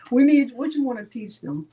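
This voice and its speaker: A woman's voice: high-pitched, dark tone. A woman hosting a live crafting tutorial, chatting casually and teasing with frequent laughter. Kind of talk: casual live-stream chat.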